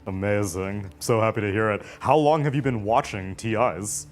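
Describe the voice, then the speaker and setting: A man's voice: fairly low pitch, normal speed. A man interviewing a player, asking questions in an upbeat, encouraging way.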